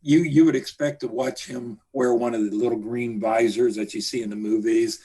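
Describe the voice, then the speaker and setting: A man, a guest journalist, reminiscing in a halting way with many fillers. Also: medium pitch, steady tone, mellow, breathy edge. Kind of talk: casual interview chat.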